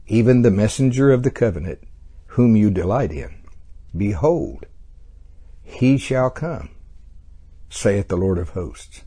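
A man's voice: on the low side, mellow, breathy edge. A man teaching a casual Bible study lesson, talking in a conversational way with frequent fillers and small chuckles.

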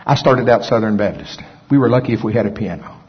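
A man preaching a storytelling sermon and telling folksy, animated anecdotes. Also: on the low side, quick pace, big-room sound, highs cut off. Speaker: pastor.

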